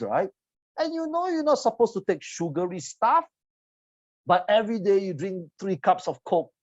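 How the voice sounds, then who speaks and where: A man's voice: high-pitched, dry recording. Brief: forties male trainer, blunt teasing seminar delivery, dry dull lo-fi sound. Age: 40s. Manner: blunt, teasing, swings between loud and quiet. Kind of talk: motivational seminar talk. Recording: dull lo-fi audio.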